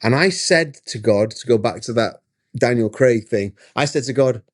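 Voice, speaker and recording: A middle-aged man talks at a normal speed in a medium-pitched voice, telling an interviewer about something from his own life. Joining by video call from his studio, he speaks forcefully and with animation, restarting often.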